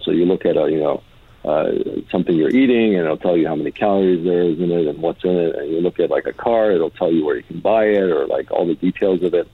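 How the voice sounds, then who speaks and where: A man with a very low, husky voice talks through ideas as a podcast guest, pausing on "uh" and restarting his sentences. His voice comes over a tinny, phone-like line with a dry, close sound. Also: no echo. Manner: thoughtful, frequent "uh" and restarts. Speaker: tech start-up founder and CEO, podcast guest. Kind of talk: casual interview talk.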